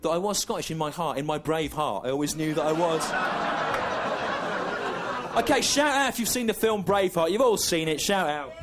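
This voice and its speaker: A man from England performing a live stand-up routine, deadpan and ironic, with halting self-corrections. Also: a little high, over a noisy crowd. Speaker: stand-up comedian. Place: live comedy venue. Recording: noisy live stand-up recording.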